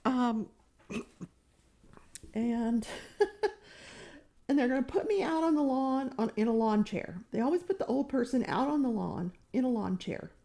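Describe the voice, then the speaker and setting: A woman's voice: on the high side, expressive, a little slow, long pauses, mellow. A woman chatting casually while she works on a diamond painting, rambling and poking fun at herself. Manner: rambling, self-mocking, chatty. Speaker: crafting vlogger.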